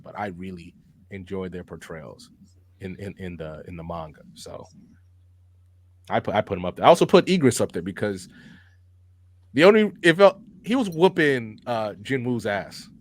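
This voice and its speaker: A man co-hosting a podcast in casual chat, animated and swearing freely, repeating himself as he talks. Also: lowish voice, brisk, a little hiss or hum. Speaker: podcast co-host.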